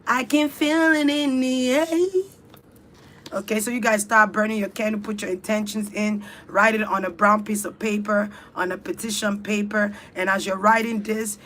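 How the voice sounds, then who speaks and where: A woman's voice: mid-range voice, flat delivery, normal speed, few pauses, fairly bright tone, slight background noise. Fervent woman leading a spiritual ritual. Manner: fervent, repetitive chant-like exhortation. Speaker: spiritual speaker. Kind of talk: spiritual guided ritual talk.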